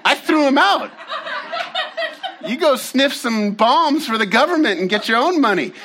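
Male pastor, sermon delivery: high-pitched, lively, conversational storyteller who breaks off to address the crowd directly. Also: unhurried, background noise. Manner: animated, casual storytelling with slangy asides to the audience.

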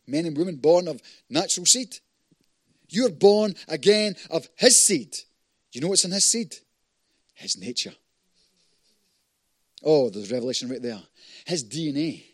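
A man preaching a fervent sermon, swinging between loud declarations and hushed prayer. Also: a little high, no echo, clean studio sound.

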